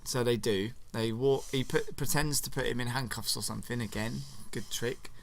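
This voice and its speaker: A man casually retelling a film as a story to his child, relaxed and playful. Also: mid-range voice, normal speed, creaky.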